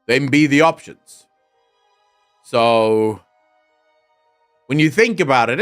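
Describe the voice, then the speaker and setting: A man's voice: medium pitch, animated, slow, pauses often, fairly bright tone, clean tone, faint music behind. Sardonic South African man streaming. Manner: sardonic, joking, frequent laughter and swearing. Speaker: streamer reading chat. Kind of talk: casual live-stream chat with profanity.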